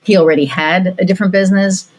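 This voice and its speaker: A woman's voice: medium pitch, fairly even intonation, fast, darkish tone, low-quality recording. A woman hosting a podcast, chatting casually and telling a story with lots of fillers and restarts. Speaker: podcast host. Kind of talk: casual interview chat.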